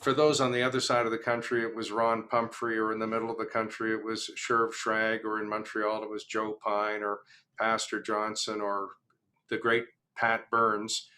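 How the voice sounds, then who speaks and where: Bright-voiced older man hosting an interview. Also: lowish voice, monotone, normal speed, a little hiss or hum. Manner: chatty, anecdotal, many fillers. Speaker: interview host. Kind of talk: casual interview chat.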